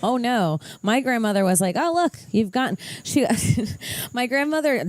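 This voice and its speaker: A woman's voice: on the high side, expressive, normal speed, no echo. A woman in her thirties, co-hosting a casual chat, emotional and self-mocking, laughing through tears. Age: 30s. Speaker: podcast co-host.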